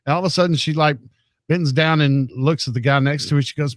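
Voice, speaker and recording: A man's voice: mid-range voice, fairly even intonation, fast talker, no echo. A man hosting a radio show, telling a story in a loose, chatty way. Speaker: radio host. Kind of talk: casual storytelling on air. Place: radio studio.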